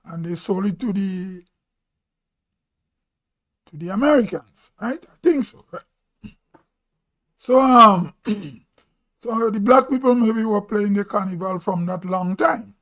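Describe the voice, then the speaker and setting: A man with a Grenadian accent talks in a high voice on his live stream. He speaks slowly and muses aloud, checking himself as he goes. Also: a bit bright. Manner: slow, musing, thinking aloud. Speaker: vlog host. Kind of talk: casual live-stream talk.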